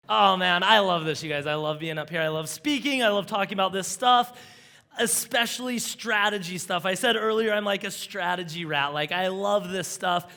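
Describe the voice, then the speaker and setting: A man giving an energetic conference talk, telling an enthusiastic, rambling story that keeps drifting off on side tracks. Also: sits high, normal speed, creaky. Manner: rambling, easily sidetracked, enthusiastic. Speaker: conference speaker.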